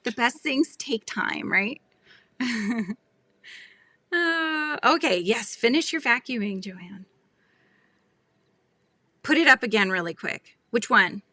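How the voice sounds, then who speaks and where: A woman's voice: a little high, animated, slow pace, long pauses, pushed and bright, dry recording. A woman in her forties hosting a casual craft livestream, chatting and greeting viewers from comments with frequent laughs and fillers. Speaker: livestream host. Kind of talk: casual live-stream chat while crafting.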